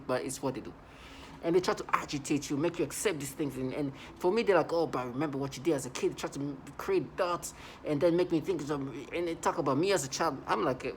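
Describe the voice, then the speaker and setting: A woman's voice: sits low, darkish tone, slight background noise. A woman talking casually to camera in a rambling, agitated monologue, full of restarts and repeated words. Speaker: vlogger.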